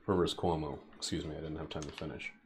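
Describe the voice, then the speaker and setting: A man's voice: rumbling low, fairly even intonation, fast talker, a little hiss or hum. A young man streaming a game, rambling and joking profanely as he plays. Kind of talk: casual gameplay commentary.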